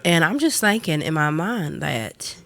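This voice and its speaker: A woman's voice: low-pitched, sing-song, a little slow, gravelly, fairly bright tone. A woman co-hosting a casual livestream chat, talking in a playful, joking way. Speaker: co-host.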